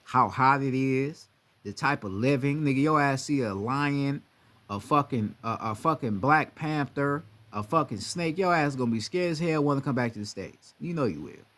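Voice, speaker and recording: A young man talking in a casual monologue, profane and animated, often slipping into mocking voices of others. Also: mid-range voice, normal speed.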